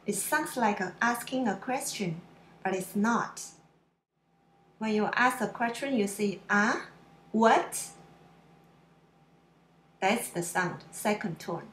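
A woman teaching pronunciation in a slow lesson, drawing out syllables and explaining them simply. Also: mid-range voice, fairly bright tone, roomy sound, a little hiss or hum. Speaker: Mandarin teacher.

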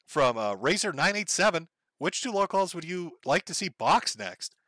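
At a normal speed and with no room sound, this higher-voiced livestream host from Minnesota chats casually. Donation messages get read out flatly and wryly, punctuated by his sardonic, profane commentary.

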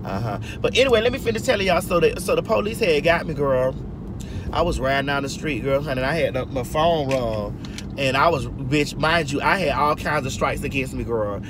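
Speaking at an extremely low pitch, this woman in her forties sounds expressive and fairly quick as she drives and tells stories to her livestream viewers, sassy and chatty, calling them girl and honey. She's from Georgia in the US. A phone picks up her voice inside the moving car, with car and road noise in the background.

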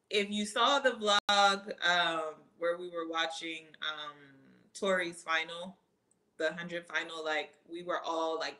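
Animated woman with a bright, lower voice. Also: measured pace, poor audio. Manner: animated, excitable, many fillers. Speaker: athlete answering viewer questions. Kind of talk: casual chat.

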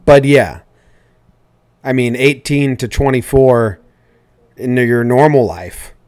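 A man's voice: mid-range voice, slow, darkish tone. A man co-hosting a casual baseball podcast, loose and profane, joking with his partner. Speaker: podcast co-host. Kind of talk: casual sports chat.

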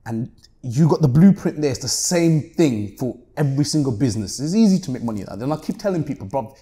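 A man's voice: medium pitch, lively intonation, fast, warm tone. A brash young man with a Luton accent and heavy street slang, talking animatedly as an interview guest. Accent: Luton English, street slang. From England. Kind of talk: casual interview chat.

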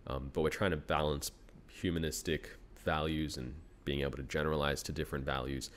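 A man's voice: extremely low pitch, little pitch movement, a little fast, a bit bright, a little hiss or hum. A man in his thirties with an Australian accent, a university researcher talking as a guest in a casual interview, thinking aloud and laughing often.

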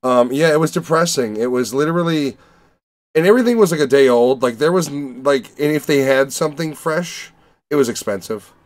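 Young chicago dude hosting a movie podcast, cussing, rambling all over, super animated. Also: male voice, on the high side, brisk. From Chicago area. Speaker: podcast host reviewing movies. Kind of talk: casual chat.

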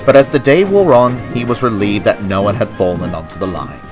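Low-voiced man telling a storybook tale. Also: a little fast. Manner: gentle, expressive storytelling. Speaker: narrator. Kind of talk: storybook narration. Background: music.

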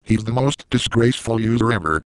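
A man delivering a scripted rant in a flat, measured way. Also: mid-range voice, no room sound, low-quality recording. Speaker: YouTube ranter.

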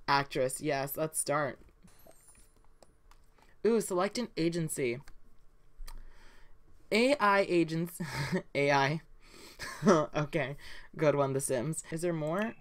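A woman's voice: low voice, expressive, slow, pauses often. A woman hosting a casual let's play, chatting loosely with lots of fillers and giggles. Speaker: gaming channel host.

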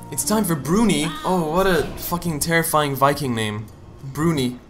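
A man's voice: on the high side, moderate pace. Joking, swearing young man playing a game. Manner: joking, swearing, punning, with sudden loud outbursts. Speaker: let's play gamer. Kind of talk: casual gaming commentary. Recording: game music behind the voice. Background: game music.

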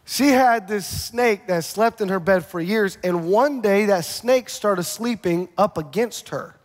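A male pastor preaching a lively sermon, firing off rhetorical questions with bits of humor. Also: sits high, a little slow. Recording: long reverb of a large church hall.

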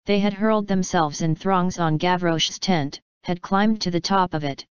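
A woman narrating a classic novel as an audiobook in a measured storytelling manner. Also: fairly low pitch, smooth, dry recording. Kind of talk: scripted narration. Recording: slightly dull, dry recording.

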